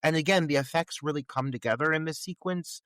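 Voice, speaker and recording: A man talks through a film on his podcast in a loose, candid way, with crude jokes and plenty of hesitant pauses while he searches for words. The sound is dry and close, with no room around it. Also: a little high, fairly bright tone, no echo. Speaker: podcast co-host. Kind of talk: casual film commentary chat.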